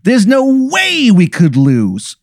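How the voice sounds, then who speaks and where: A man voicing Tony Italiano, a pushy, chummy Italian-American gang boss, with brash, drawn-out exclamations. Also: sits high, wildly swooping pitch, vocal fry, dry recording, studio quality, pitched above the performer's own voice, full character voice.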